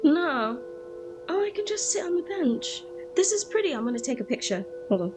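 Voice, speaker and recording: A woman streaming a video game, chatting casually and excitably and echoing the game text aloud. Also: high voice, normal speed. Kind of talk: casual gaming chat. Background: game music.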